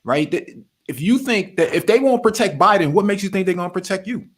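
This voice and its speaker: A man hosting a political talk show, speaking calmly with frequent brief agreements. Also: high-pitched, fairly quick. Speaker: host.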